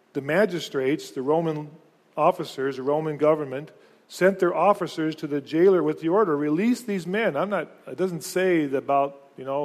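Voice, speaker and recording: A somewhat high-voiced male pastor delivers a sermon to his congregation with a darkish tone. He is earnest, though he stumbles back over words and restarts his sentences. His voice rings with long reverb, suggesting a large church hall.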